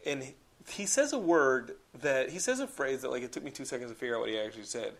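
A young man hosts a podcast in loose, casual chat. He talks excitably and keeps dropping "like" into his sentences. His speech is peppered with swearing, and his voice sits at an ordinary middle pitch. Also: quick pace. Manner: excitable, profane, heavy use of "like". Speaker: podcast host.

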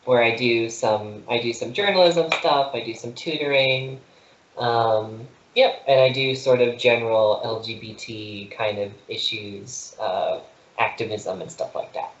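A young adult student co-hosting a radio talk show, talking in a hesitant, rambling way from a small nook at home. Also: male voice, mid-range voice, a little slow. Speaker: co-host, student. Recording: echoey room, muffled lo-fi audio.

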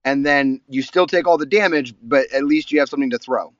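A man appearing as a podcast guest, joking dryly in halting, filler-heavy talk. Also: medium pitch, no room sound, dull audio. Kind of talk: casual chat.

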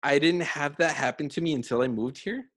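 A man's voice: fairly high pitch, brisk, fairly bright tone, dry recording. A young man hosting a casual conversation, chatty with many fillers and frequent laughter.

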